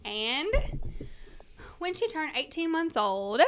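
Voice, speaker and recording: A bright, high-voiced woman with a Cajun Louisiana accent recounts her story with animated emphasis. She sits down with two hosts for a relaxed chat, and a faint hiss runs under her voice. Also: takes it slowly. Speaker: guest, mother. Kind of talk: casual interview storytelling.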